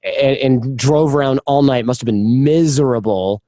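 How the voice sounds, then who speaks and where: A man's voice: mid-range voice, normal speed, warm tone, no echo. Man telling candid stories, dry sound. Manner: candid storyteller, acts out quoted voices. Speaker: podcast guest. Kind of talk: casual interview chat.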